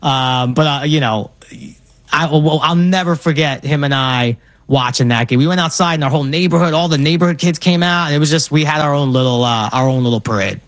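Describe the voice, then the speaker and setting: A man in his thirties from Brooklyn with a New York accent, telling stories with animated enthusiasm. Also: fairly high pitch, a little fast, no room sound. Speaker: guest. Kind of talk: casual chat.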